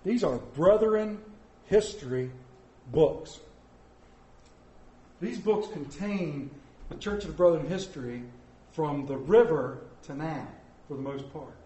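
A middle-aged man preaching a sermon as the church's pastor, telling stories and dropping from loud to soft. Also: a little high, slow pace, pauses often. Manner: storytelling, swinging between soft and loud. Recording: echoey church hall.

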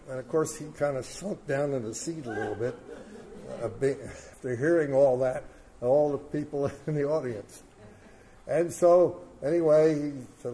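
A man's voice: mid-range voice, normal speed, dark tone, slight background noise, low-quality recording. A man speaking in church, telling a story in a plain, folksy way with small fillers. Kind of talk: sermon with storytelling.

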